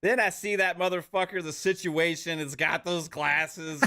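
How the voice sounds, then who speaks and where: A man's voice: fairly high pitch, normal speed, hardly any pauses, bright, forceful tone, clean tone. A male podcast co-host telling a story in laid-back, profane casual chat.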